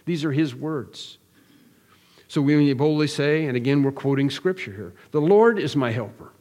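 A man's voice: fairly high pitch, animated, normal speed, darkish tone, long reverb tail. A man preaching an expository sermon, earnest and emphatic, building through repeated phrases with frequent restarts. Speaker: pastor.

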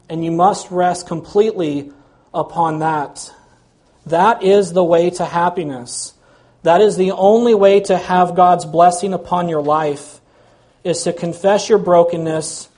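A man's voice: on the high side, warm tone. A man preaching a sermon in an earnest, emphatic way. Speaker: pastor.

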